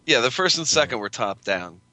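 A man's voice: medium pitch, expressive, brisk, pushed and bright. A man in casual chat, laid-back and hesitant, full of fillers.

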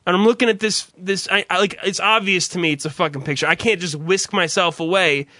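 Man, radio host, bright voice, dry close sound, blunt profane rants, stammered restarts. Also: high voice, fairly quick, no echo. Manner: blunt, ranting, swears constantly, stammers into restarts. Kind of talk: casual profane chat.

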